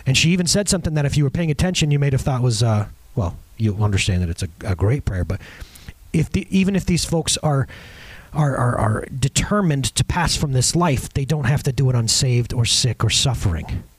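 Animated, lively-pitched male pastor. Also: fairly quick, slightly rough, dry recording. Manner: animated, off-the-cuff, many restarts and asides. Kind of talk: conversational sermon.

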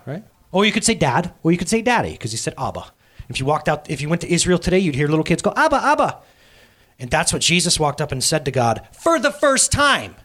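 A man in his thirties preaching a sermon as pastor, telling a story in a casual, animated way. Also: fairly high pitch, breathy edge.

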